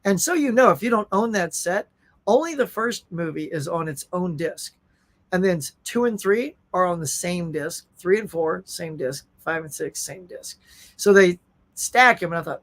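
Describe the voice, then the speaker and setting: A man's voice: high voice, expressive, moderate pace, fairly bright tone. A middle-aged man hosting a casual live stream, chatting animatedly and reading viewer comments aloud. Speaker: host.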